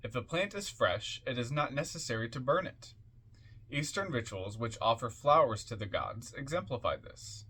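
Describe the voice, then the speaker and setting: Measured man reading an occult book. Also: medium pitch, very animated, sharp tone, slightly rough. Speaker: book reviewer reading aloud. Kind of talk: reading a book aloud with offhand asides.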